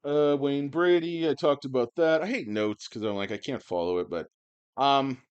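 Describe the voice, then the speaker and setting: A man with a worn-out, hoarse voice, rambling and swearing through a stock-market video monologue, with sardonic asides and loud rants. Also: medium pitch, moderate pace, dull audio. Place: indoors under bright lights.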